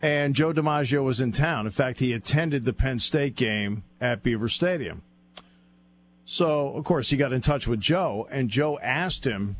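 A man's voice: medium pitch, unhurried, slight background noise. A man telling a funny anecdote as a guest on a sports radio show, laughing often as he goes. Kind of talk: casual radio chat, storytelling.

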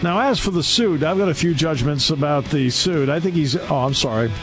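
A male radio host riffs in a sarcastic, scolding monologue from the studio. His voice sits a little high and swings widely in pitch. Faint music plays underneath. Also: lively intonation, brisk. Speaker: radio talk show host. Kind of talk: opinionated talk radio monologue.

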